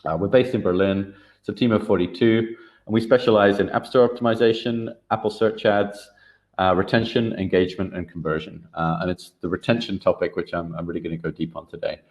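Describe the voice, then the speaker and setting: A man presenting an online workshop over a video call, relaxed and full of filler words and restarts. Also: sits low, brisk. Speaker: workshop speaker.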